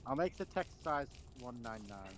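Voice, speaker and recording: A man's voice: medium pitch, very animated, moderate pace, fairly bright tone, slight background noise. A man chatting with a streamer friend, teasing him with crude language and drifting into silly sing-song nonsense. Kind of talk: casual chat.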